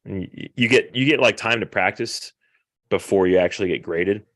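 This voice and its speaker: Very deep-voiced, laid-back man. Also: normal speed, fairly bright tone, no echo, clean studio sound. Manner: laid-back, profane, matter-of-fact. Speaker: podcast co-host. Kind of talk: casual chat.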